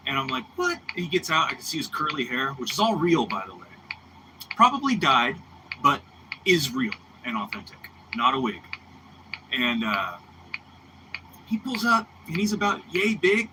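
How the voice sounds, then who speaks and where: A man in his thirties, a bassist, telling backstage stories in a rambling, animated way, full of "dude" and "man.". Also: moderate pace, pauses often. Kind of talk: casual chat. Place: studio room. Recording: clearly noisy background with ticking.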